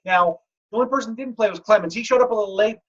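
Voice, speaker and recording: A man hosting a fantasy football league podcast, telling stories in a joking, animated way. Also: high-pitched, rapid-fire. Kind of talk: casual podcast chat. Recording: dull lo-fi audio.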